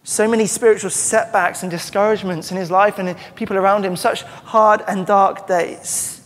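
A man's voice: sits high, fairly even intonation, moderate pace, fairly bright tone. A man preaching a sermon as pastor, earnest and emphatic, often restarting his phrases. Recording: long church-hall reverb.

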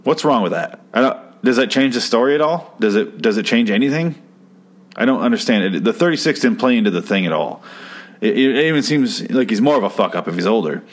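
A man's voice: medium pitch, lively intonation, a little fast. A man reviewing an old TV episode in casual, profane commentary, sarcastic and rambling, acting out the lines he quotes. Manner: sarcastic, rambling, swears freely, acts out quotes.

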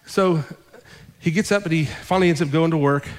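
A man's voice: on the high side, brisk, in a large hall. A male pastor telling a story in a sermon, acting out the dialogue as he goes. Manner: animated retelling with quoted dialogue. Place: church sanctuary.

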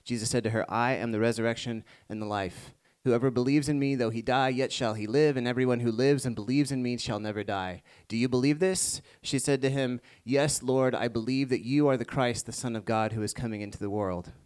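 A man's voice: medium pitch, a little fast, hardly any pauses, clean tone. Man preaching a reflective sermon. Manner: shifts between hushed reflective passages and rising emphatic ones. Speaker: pastor.

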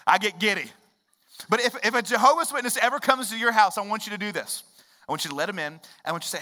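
Bright-voiced preacher man. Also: high voice, expressive, fairly quick. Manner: conversational preaching with sudden loud emphatic rises. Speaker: pastor. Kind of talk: sermon.

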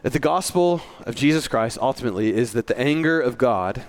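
A man's voice: mid-range voice, expressive, a little fast. A male pastor giving a sermon in a church, earnest and conversational, with self-deprecating asides.

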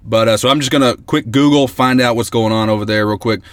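A man hosting a comedic mock radio broadcast, excitable, rambling and mock-earnest, talking from inside a parked car. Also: medium pitch, fast, no room sound. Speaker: host. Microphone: close mic in a parked vehicle.

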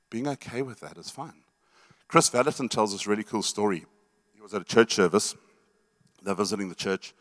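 Middle-aged pastor guy preaching, punchy, keeps asking the room stuff, repeats himself. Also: on the low side. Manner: emphatic, repeats words, asks the room questions. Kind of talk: sermon teaching.

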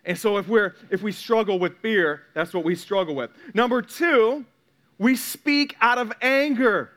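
A pastor delivers a sermon in a high, light voice. He talks to the congregation candidly and conversationally, often stumbling into quick repeated restarts before landing his point. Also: a bit bright.

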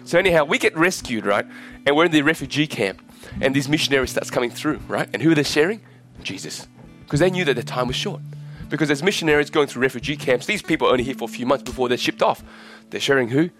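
A man's voice: animated, fast talker, fairly bright tone, soft background music. A man in his forties, originally from Vietnam, preaching a sermon in a church while sick and coughing, impassioned and often asking the congregation questions. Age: 40s. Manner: impassioned, rising in pitch at climaxes, asks the crowd questions. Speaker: pastor.

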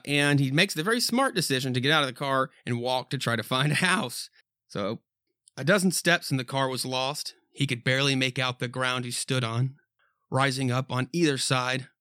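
A man reads a horror comic aloud as a podcast host, drifting between narration and loose, rambling commentary. His pitch is ordinary, and the sound is dry and close. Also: pushed and bright, clean tone, no echo. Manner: rambling, laughs at himself. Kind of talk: casual comic reading and commentary.

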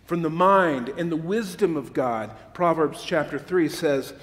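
A man delivers a sermon at an unhurried pace, his slightly high voice stressing words and often repeating them. He breaks off with quick asides to his listeners. His voice rings through a hall with long reverb. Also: fairly bright tone. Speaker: preacher.

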